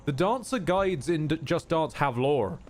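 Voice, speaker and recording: Rambling streamer, animated pitch. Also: male voice, a little slow. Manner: rambling, swearing, jokey. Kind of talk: casual gameplay commentary.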